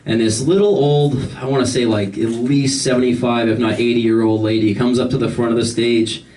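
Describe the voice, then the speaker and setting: A man's voice: medium pitch, steady tone, moderate pace, darkish tone, far from the mic. A man doing a stand-up set, telling loose, rambling stories full of fillers, recorded live in a comedy club with the audience laughing. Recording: live club recording from the room, crowd audible.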